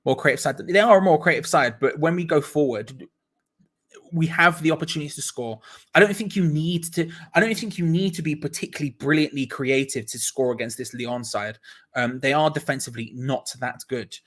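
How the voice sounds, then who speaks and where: A young man giving excitable live fan commentary on a football match, laughing often as he reads out viewers' messages. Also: on the high side, a little fast. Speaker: watch-along host.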